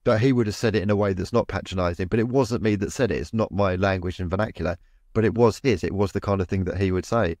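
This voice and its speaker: A man's voice: deep voice, quick pace, a little mellow, no echo, clean studio sound. A man, co-host and medium, telling a story in a rambling way with many restarts and repeated words. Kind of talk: casual storytelling in a podcast chat.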